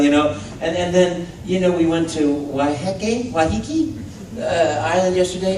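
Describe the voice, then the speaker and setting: A man telling stories to a convention audience, acting out voices, recorded from the crowd on a phone. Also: a little high. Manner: animated, acts out voices in his stories. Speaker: convention panel guest. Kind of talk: storytelling to a live audience. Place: convention panel room. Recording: distant echoey phone recording with faint noise.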